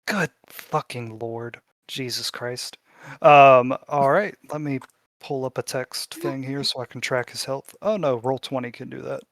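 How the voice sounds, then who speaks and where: A man's voice: mid-range voice, fairly even intonation, measured pace, a bit bright, no echo. Casual male game master, swears often, dry close sound. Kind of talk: narrating a tabletop game.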